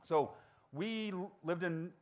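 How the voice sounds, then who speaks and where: Lively man telling stories to students. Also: slow pace. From Georgia. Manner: animated, acts out dialogue in high voices. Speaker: motivational speaker. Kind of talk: storytelling talk to students.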